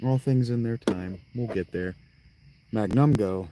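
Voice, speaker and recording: A man's voice: fairly low pitch, measured pace, background noise. Rambling, cussing man streaming a game. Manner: profane, rambling, talks to himself. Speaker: let's play streamer. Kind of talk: casual gaming commentary. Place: tent. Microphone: clip-on mic.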